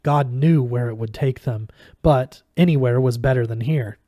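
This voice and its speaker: A man reading a novel aloud, steady with small stumbles. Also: mid-range voice, normal speed, no room sound, muffled recording. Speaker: audiobook reader.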